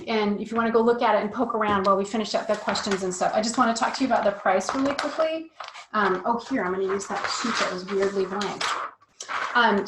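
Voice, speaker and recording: A woman's voice: on the high side, a little hiss or hum. Chatty woman coach in an echoey room. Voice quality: chatty, full of fillers, self-deprecating. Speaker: parent sex ed coach. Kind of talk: casual online course talk.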